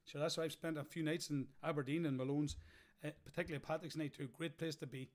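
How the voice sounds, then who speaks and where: A man's voice: a little high, quick pace. An Irish man hosting a live stream from home, chatting casually between songs and reading out viewer comments. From Ireland. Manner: chatty, relaxed, local turns of phrase. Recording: live stream with loud music behind. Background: music.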